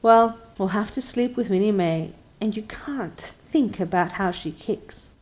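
A woman voicing an excitable, chatty young girl in a storybook reading, talking in a high, breathless gush. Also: normal speed, close to an everyday voice. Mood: excited.

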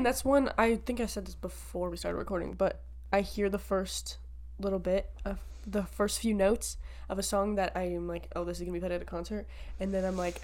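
A woman in her twenties co-hosting a podcast in casual chat, animated and laughing often, swearing freely. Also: mid-range voice, a little hiss or hum. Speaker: podcast co-host.

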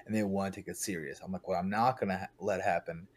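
Casual podcast talker, male, young adult, lowish pitch, profane, animated storyteller. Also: fast. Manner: blunt, swears a lot, animated storytelling. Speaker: podcast guest, paintball team captain.

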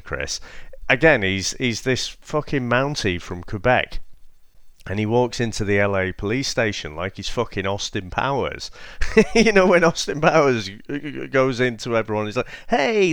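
A man co-hosting a podcast, retelling film scenes casually as an animated storyteller who laughs at his own jokes. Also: mid-range voice, normal speed, no echo, studio quality. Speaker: podcast co-host. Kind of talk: casual film review chat.

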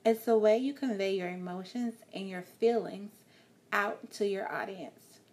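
A woman with a mellow, warm tone teaching a lesson on vocal delivery. She speaks in a calm, reassuring way and plays with her volume and pace to demonstrate her points. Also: medium pitch, measured pace. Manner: calm, encouraging, shifts loudness and pace to demonstrate. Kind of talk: instructional talk.

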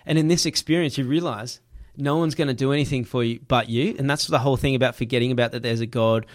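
A man telling a personal story in casual chat, animated, laughing and swearing freely. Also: mid-range voice, fast.

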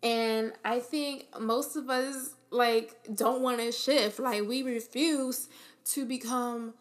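Hosting a podcast, this woman delivers an earnest, encouraging motivational talk at a slow pace and in a steady tone. Her voice sits slightly high, and she speaks casually with fillers, circling back to key phrases for emphasis.

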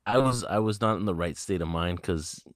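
A man co-hosting a podcast, telling profane stories in casual chat, baffled and animated. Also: sits low, normal speed, no room sound, studio quality. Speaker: podcast co-host.

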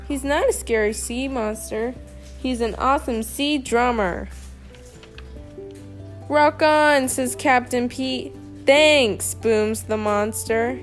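A woman reads a children's picture book aloud at an unhurried pace, in a fairly high voice. She lifts the dialogue with playful expression, over faint music in the background. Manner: slow, expressive reading with lively character lines. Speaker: storybook reader.

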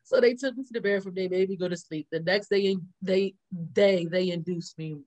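A woman's voice: mid-range voice, moderate pace, lo-fi sound. A woman co-hosting a casual chat, telling a story with lots of laughter and acted-out quotes. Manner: animated, laughs often, acts out quotes. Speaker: co-host.

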